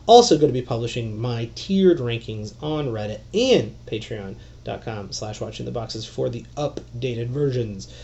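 Excitable rambling male podcast host, muffled. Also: mid-range voice, moderate pace, creaky, few pauses. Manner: rambling, excitable, with profanity and fillers. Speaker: fantasy basketball podcast host. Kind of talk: solo podcast talk.

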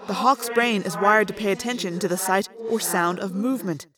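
A woman reading an audiobook, voicing a quiet teenage boy with a hawk's instincts who explains things plainly. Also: mid-range voice, moderate pace, crowd noise, natural voice. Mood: explaining. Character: quiet teenage boy, hawk-like, matter-of-fact.

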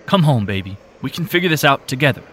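A man's voice: medium pitch, animated, fast, a bit bright, husky, pitched above the performer's own voice. A man voicing a worried husband, pleading with his wife in an audiobook. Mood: concerned. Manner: urgent and pleading. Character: worried middle-aged husband, concerned and firm.

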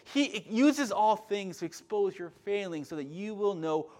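This pastor's sermon is impassioned and expressive, his high-sitting voice moving at a measured pace. He alternates loud, emphatic lines with quiet asides and often starts over or repeats words.

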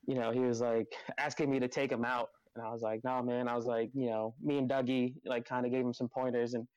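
A man's voice: medium pitch, little pitch movement, fast talker, darkish tone, dry recording, highs cut off. A man chatting casually as a guest, rambling through a story with lots of "like" and frequent laughs. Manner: rambling, laughs often, uses "like" a lot. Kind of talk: casual chat.

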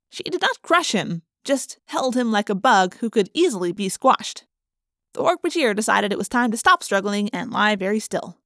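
A woman's voice: medium pitch, a bit bright, dry recording, studio quality. A woman narrating a children's adventure book in the first person, reading with dramatic expression. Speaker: audiobook narrator.

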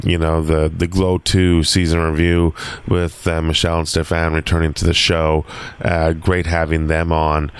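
A man's voice: rumbling low, clean tone. A man hosting a podcast, chatting casually and rambling with many fillers and restarts. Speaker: podcast host. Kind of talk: casual chat.

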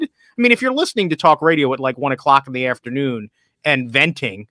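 A man's voice: fairly high pitch, lively intonation, fast talker, pushed and bright, no echo, studio quality. A man co-hosting a casual sports podcast, rambling and correcting himself as he talks, laughing through his stories. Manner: rambling, self-interrupting, laughs while telling stories. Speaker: podcast co-host.

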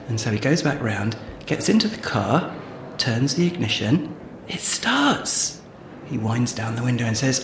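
A man's voice: mid-range voice, big pitch swings. A man co-hosting a podcast, chatty and giggly, telling a long joke. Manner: chatty, giggly, drawn-out storytelling. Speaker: podcast co-host. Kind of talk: playful comedy banter and joke telling. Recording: echoey room with faint noise.

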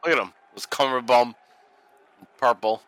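A man co-hosting a casual watch-along podcast, joking, profane and excitable. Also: medium pitch, normal speed, no room sound, poor audio. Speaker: podcast co-host.

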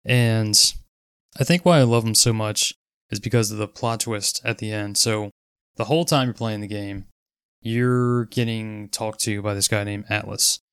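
A man in casual chat, explaining quickly and eagerly, swearing freely. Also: fairly low pitch, steady tone, smooth, no room sound, studio quality.

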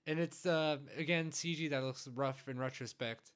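A man chatting casually about a film, relaxed and agreeable, thinking aloud as he goes. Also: fairly high pitch, moderate pace, clean tone.

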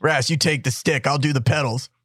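A man hosting a tabletop podcast, giving offhand, relaxed announcements. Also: mid-range voice, brisk, breathy edge, no echo, studio quality. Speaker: podcast host and player.

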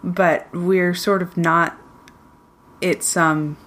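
A woman's voice: on the low side, level tone, drawn-out words, fairly bright tone. A woman playing a tabletop game, speaking hesitantly with frequent stammers. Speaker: player.

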